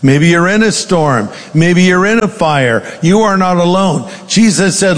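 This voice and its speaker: A man's voice: sits high, lively intonation, a little slow, few pauses, big-room sound. A male pastor preaching a sermon, reading scripture aloud with dramatic emphasis.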